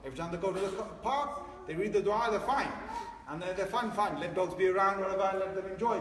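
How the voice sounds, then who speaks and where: A man giving an informal religious talk to parents, conversational and repetitive, acting out little family scenes as he goes. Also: sits high. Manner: conversational, repeats phrases, acts out family scenes. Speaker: Islamic teacher. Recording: echoey hall, voice from far off, faint noise.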